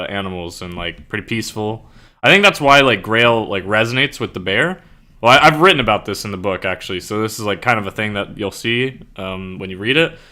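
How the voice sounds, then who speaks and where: A young man with a lowish but bright, forceful voice, talking in loose casual chat. He rambles through his thoughts and leans heavily on filler words. He laughs often as he goes. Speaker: streamer and author.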